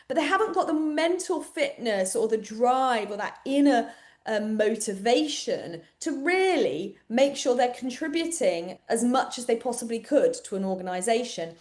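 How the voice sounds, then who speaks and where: A woman's voice: on the high side, expressive, normal speed, darkish tone. British woman explaining in a webinar. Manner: conversational, with fillers and restarts. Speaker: webinar presenter.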